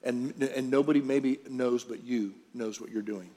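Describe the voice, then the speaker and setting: A man's voice: mid-range voice, normal speed, warm tone. Man preaching in a reverberant hall. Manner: conversational preaching, asks the room questions. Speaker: pastor. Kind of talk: sermon. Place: large church auditorium. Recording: reverberant hall with faint music.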